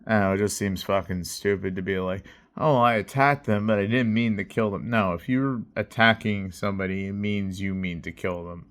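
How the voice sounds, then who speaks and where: Man, somewhat low voice, intense casual storytelling, profane, keeps asking "right?". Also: a bit bright. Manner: intense, heavy swearing, frequent "right?" and "you know". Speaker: delivery driver telling a story.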